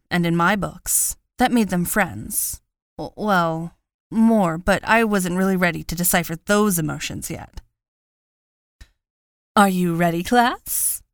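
A woman's voice: on the low side, no room sound. A woman reading a first-person audiobook narration with a wry, understated delivery, close to the mic.

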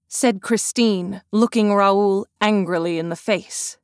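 A woman narrating an audiobook in a measured storytelling voice. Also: mid-range voice, no room sound, studio quality. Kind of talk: scripted narration.

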